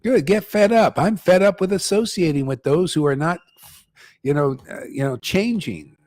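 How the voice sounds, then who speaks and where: A man's voice: on the high side, lively intonation, moderate pace, darkish tone, soft background music. An older man giving a blunt, slangy devotional talk as a spiritual teacher, ranting and calling his listeners "man.". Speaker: spiritual teacher leading a chanting gathering.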